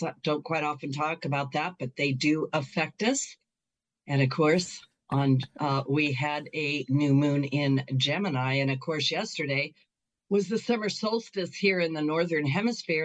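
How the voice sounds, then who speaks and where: A middle-aged woman hosting a talk show and Reiki practice, chatting in an upbeat way with frequent laughs and fillers. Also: low voice. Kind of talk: casual chat.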